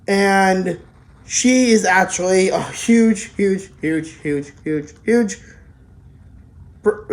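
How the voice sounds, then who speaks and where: An anime reviewer giving a casual, rambling spoken review, full of restarts and offhand swearing. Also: mid-range voice.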